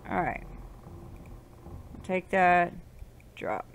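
A woman casually commenting while she plays a game, swearing and muttering to herself, with loud outbursts in between. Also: lowish voice, lively intonation, takes it slowly, creaky, long pauses. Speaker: gaming channel host. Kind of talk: casual let's-play commentary.

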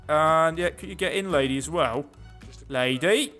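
A man's voice: a little high, animated, moderate pace, a bit bright, faint music behind. A man giving sarcastic, chatty let's play commentary, talking back to the characters on screen. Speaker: gaming video host.

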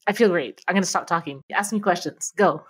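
A woman co-hosting a podcast, chatting excitedly and laughing often. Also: fairly low pitch, a little fast, breathy edge. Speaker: podcast co-host. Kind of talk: casual podcast chat.

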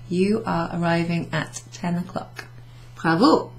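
A woman teaching a beginners' French class, explaining slowly and patiently with many ums and repeated French words. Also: fairly low pitch, animated, darkish tone, a little hiss or hum, poor audio. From United Kingdom. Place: pub function room, recorded lesson.

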